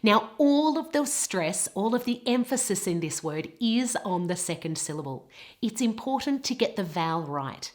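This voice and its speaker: A woman with a British English accent teaching pronunciation, modelling words slowly and carefully. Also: medium pitch, sing-song. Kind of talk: pronunciation lesson.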